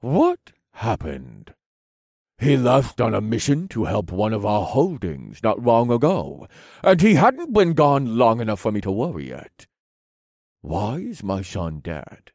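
A man's voice: lowish voice, huge pitch swings, unhurried, a little mellow, dry recording, studio quality, heavily acted. A man voicing a pompous, snappish old duke. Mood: suspicious. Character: pompous, irritable older male duke, a noble.

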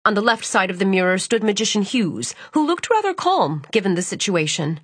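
A woman narrating a novel in a measured, even storytelling voice. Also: medium pitch, breathy edge, no echo. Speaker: audiobook narrator. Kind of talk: scripted audiobook narration.

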